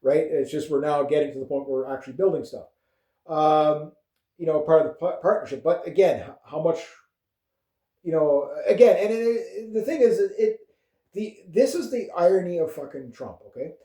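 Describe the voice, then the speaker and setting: A man's voice: fairly high pitch, moderate pace, dark tone. Rambling profane Canadian man, echoey room. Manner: rambling, profane, with frequent fillers and chuckles. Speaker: vlogger. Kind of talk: casual political rant.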